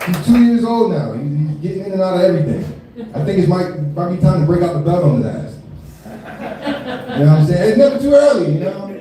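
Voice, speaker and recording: Laid-back cussing comedian in a boomy room. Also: male voice, a little fast, a crowd in the background. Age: 30s. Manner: loose, profane, laughing, many filler tags. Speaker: stand-up comedian. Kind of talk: live stand-up set. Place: live comedy venue. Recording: echoey room from far off.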